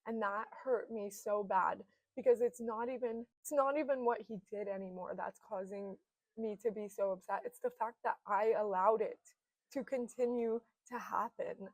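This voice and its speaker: A woman's voice: mid-range voice, normal speed, no echo, rough recording. A young woman in her twenties, seated in front of a camera, giving an earnest, heartfelt personal monologue and swearing casually, sometimes close to tears. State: emotional, near tears at times. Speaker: self-help vlogger.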